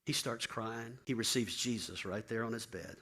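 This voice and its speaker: A pastor tells a personal story from the pulpit, his tone bright and forward. He is animated as he goes and acts out the people's voices in his dialogue. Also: medium pitch, moderate pace, slightly rough. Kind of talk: sermon storytelling.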